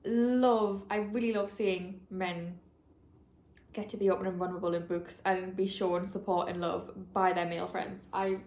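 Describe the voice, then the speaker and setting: A woman's voice: on the low side, fairly even intonation, moderate pace, darkish tone. A young woman chatting to camera about books she is reading. She gushes with feeling and says "like" a lot. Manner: gushing and emotional, often saying "like". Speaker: book vlogger. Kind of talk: casual reading vlog. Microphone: camera mic. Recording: roomy echo.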